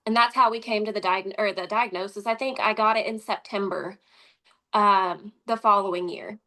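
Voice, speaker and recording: A woman, speaking as an interview guest and telling a personal story in a conversational, animated way, acting out quoted dialogue. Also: medium pitch, moderate pace.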